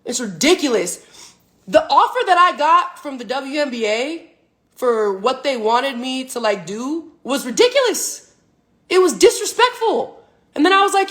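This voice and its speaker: A woman's voice: high-pitched, expressive, a little slow, fairly bright tone. A woman in her twenties, a professional athlete, ranting emphatically and profanely on a phone livestream. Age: 20s. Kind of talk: livestream rant.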